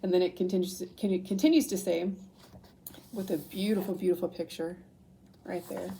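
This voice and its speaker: A woman's voice: lowish voice, steady tone, moderate pace, vocal fry, pauses often, mellow, a little hiss or hum, low-quality recording. A young woman doing a casual tarot reading and reading aloud from a book, often getting emotional, laughing and apologizing as she goes. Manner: emotional, laughs through tears, many apologies. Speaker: tarot reader.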